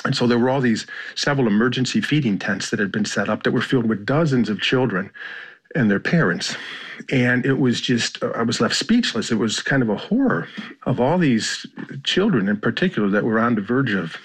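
A man's voice: mid-range voice, lively intonation, a little fast, breathy edge. An American man, a journalist guest, speaking reflectively in an interview with frequent restarts. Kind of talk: interview conversation.

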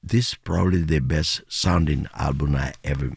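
An older male musician, telling lively stories in a radio interview, laughing often and acting out quotes. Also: very deep voice, normal speed, creaky, breathy edge, no echo. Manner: animated storyteller, laughs often, acts out quotes. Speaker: guest musician.

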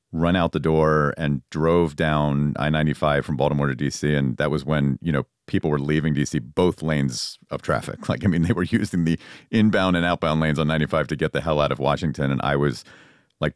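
A man's voice: a bass voice, dry recording, studio quality. A middle-aged man, a journalist and co-host, reflecting earnestly in a conversational political discussion. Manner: reflective, earnest, musing aloud.

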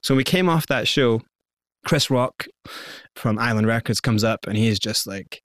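A Scottish man, a guest in an interview, telling his story in a lively way and acting out quoted lines. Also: medium pitch, moderate pace, no echo, clean studio sound. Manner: lively, animated storyteller who acts out quotes.

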